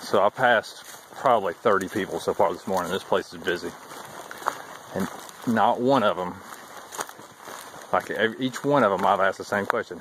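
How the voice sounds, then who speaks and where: Man, lowish voice, chatty and wry, hiking vlog on a trail, faint outdoor hiss. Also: moderate pace, pauses often, low-quality recording. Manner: chatty, wry, thinking out loud. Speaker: thru-hiker vlogger. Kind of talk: casual walking vlog. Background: faint outdoor ambience.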